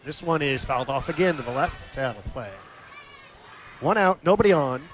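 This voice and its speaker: A man calling live baseball play-by-play in a steady, conversational way, lifting his voice briefly when the action comes. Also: fairly high pitch, normal speed, a little hiss or hum. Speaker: play-by-play announcer. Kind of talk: live baseball radio commentary.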